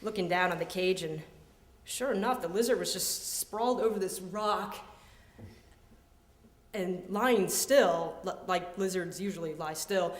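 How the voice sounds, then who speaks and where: A woman's voice: lowish voice, measured pace. A woman in her thirties telling a personal story live on stage, playful and self-amused, slipping into voices for the people in it. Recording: echoey hall.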